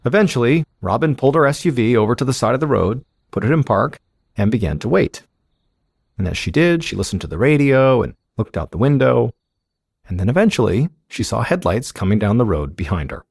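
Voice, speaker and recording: Male podcast narrator, deep fry-edged voice, measured suspense, dry studio sound. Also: dry recording. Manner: steady, suspenseful storytelling. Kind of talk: scripted true-crime narration.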